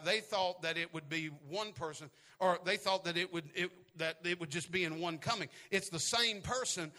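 A male preacher with a high, bright, forceful voice. He preaches in repeating phrases, swelling into shouted, half-sung climaxes and dropping to a hush in between. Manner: drops to a hushed, quiet voice at times. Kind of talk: sermon.

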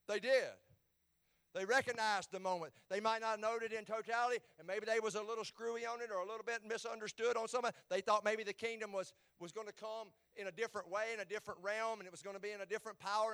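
A pastor preaching a sermon, dropping to low murmurs and rising to shouts. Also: male voice.

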